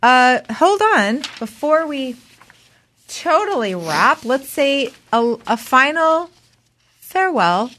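A woman's voice: high-pitched, sing-song, takes it slowly, fairly bright tone. A woman co-hosting a podcast in casual chat, reacting with sympathetic exclamations. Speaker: podcast co-host.

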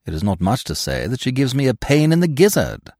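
A talkative young Englishman in a storybook, full of ornate, pompous turns of phrase and dry whimsy, as a male narrator voices him. His pitch rises and falls freely, and the recording is dry and close. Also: big pitch swings, fairly quick, a little mellow, no echo. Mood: genial. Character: verbose, urbane young Englishman, drily whimsical.

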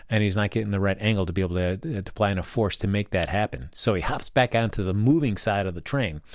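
Man, lowish voice, dry close sound, casual rambling episode recap. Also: no room sound. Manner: rambling, many fillers and restarts.

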